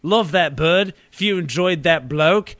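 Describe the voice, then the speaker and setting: A hammy, overplayed mock British gentleman bluffs through a show's sign-off, as a man puts him on. The voice sits higher than his usual and lands every slang word with gusto. The sound is dry and close. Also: moderate pace, dry recording, lightly acted. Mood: jokey. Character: mock British gent doing a podcast outro.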